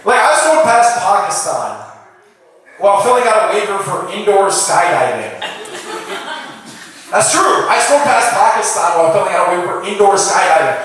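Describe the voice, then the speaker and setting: Young male stand-up comic with a bright, forceful voice and plenty of crowd asides, recorded in an echoey room from a distance. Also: high voice. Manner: animated, riffing with the crowd, quick asides. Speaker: stand-up comedian. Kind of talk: stand-up comedy set. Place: comedy venue with a live audience.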